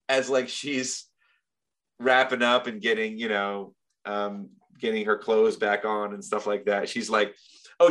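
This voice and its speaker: A man telling a long story in casual talk, rambling, profane and animated. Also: fairly low pitch.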